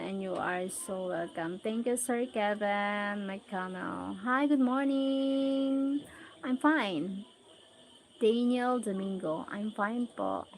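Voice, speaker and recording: Woman, Filipino accent, livestream host, unhurried, gravelly edge, faint background hiss. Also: mid-range voice, rough recording. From Philippines. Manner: slow, unhurried greetings and thanks to viewers. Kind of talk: casual livestream chat reading comments.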